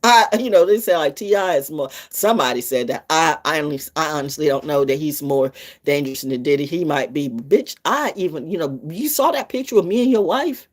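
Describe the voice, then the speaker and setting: A woman's voice: low-pitched, animated, fairly quick. A woman vlogger doing brash, profane freestyle livestream talk that rambles from topic to topic. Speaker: vlogger and storyteller.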